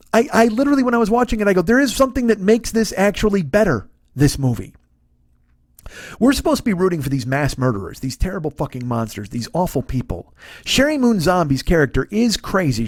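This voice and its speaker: A man's voice: high voice, a little mellow, no echo, studio quality. A middle-aged man hosting a podcast, ranting sarcastically about a movie with heavy swearing and acted-out lines. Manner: sarcastic, swears a lot, acts out characters' lines. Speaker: podcast host. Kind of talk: profane comedic movie rant.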